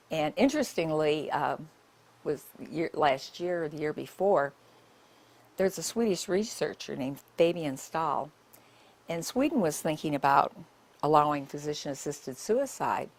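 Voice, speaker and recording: A woman's voice: sits low, lively intonation, unhurried, darkish tone. An older woman, a nurse, giving a public talk and telling her stories in a conversational way with many asides.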